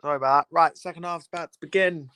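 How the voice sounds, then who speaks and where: A man's voice: on the high side, fairly even intonation, quick pace, sharp tone, smooth, no echo. A young man, casually chatting and teasing his viewers while hosting a live football watchalong. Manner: chatty, teasing banter with chat. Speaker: livestream host.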